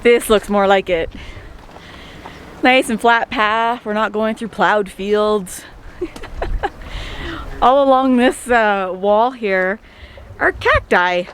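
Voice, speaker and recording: A woman's voice: mid-range voice, animated, drawn-out words, long pauses, a bit bright, slight background noise. A woman travel vlogger narrating casually on a hike, chatty and laughing easily. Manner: chatty, laughs often, enthusiastic. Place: outdoors on a hike, then in town.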